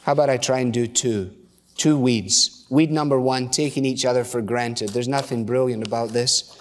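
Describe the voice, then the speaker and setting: A man's voice: medium pitch, steady tone, moderate pace. A middle-aged male pastor preaching a sermon in a conversational, storytelling way with casual asides. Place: church. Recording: long church reverb.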